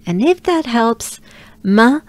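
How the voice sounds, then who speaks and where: A woman's voice: on the high side, big pitch swings, slow pace, no echo. A French woman teaching pronunciation, repeating sounds patiently and encouraging the listener, with light laughs. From France. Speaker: pronunciation coach. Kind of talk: slow, patient pronunciation lesson.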